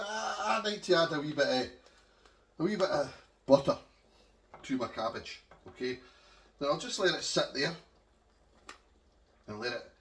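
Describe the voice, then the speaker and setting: A man's voice: a little high, reverberant, recorded from a distance, a little hiss or hum. Chatty Scottish man cooking at home. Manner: chatty, homely, talks to viewers as he cooks. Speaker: home cook vlogger. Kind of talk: casual cooking demonstration. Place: home kitchen.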